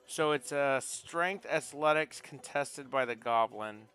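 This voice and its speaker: Bright, crisp game master man. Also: mid-range voice, slow, soft background music. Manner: chatty, looks up rules aloud with restarts. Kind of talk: narrating a tabletop game.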